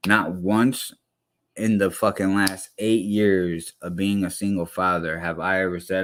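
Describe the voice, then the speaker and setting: A man's voice: low-pitched, little pitch movement, unhurried, a bit bright. A young man ranting in a heated, blunt way with heavy slang, reacting to a clip as a streamer. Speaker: commentary streamer. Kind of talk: profane reaction rant.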